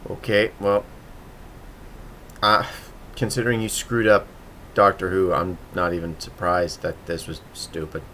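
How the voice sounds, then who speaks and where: A man's voice: low voice, flat delivery, a little slow, pauses often, a bit bright, a little hiss or hum. A man hosting a casual writing livestream, thinking aloud and muttering to himself as he works.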